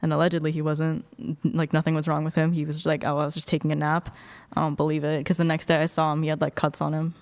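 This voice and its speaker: A woman's voice: low voice, monotone, fast, darkish tone. A young woman guest on a dating talk panel, telling a long personal story in a rambling, casual way with lots of fillers and swearing.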